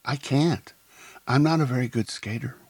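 A man's voice: mid-range voice, moderate pace, darkish tone, husky, dry recording, voice pushed up. A man voicing a shy, hesitant young woman who doubts herself. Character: nervous young woman, shy reluctant skater.

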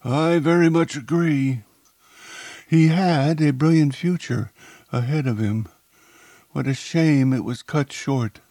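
A man's voice: fairly high pitch, slow pace, warm tone, dry recording, pitched above the performer's own voice. A man doing a coolly polite crime boss. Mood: measured. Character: smooth, calculating male crime boss.

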